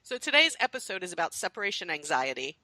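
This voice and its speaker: A woman's voice: lowish voice, big pitch swings, fast, pushed and bright, low-quality recording. A middle-aged woman, an early childhood consultant, co-hosting a podcast in an earnest, explanatory way. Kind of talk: casual podcast chat.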